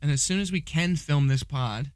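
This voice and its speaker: A man's voice: a little high, normal speed, clean tone, no echo, clean studio sound. A man co-hosting a podcast in casual chat, joking and teasing, often laughing. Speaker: podcast co-host.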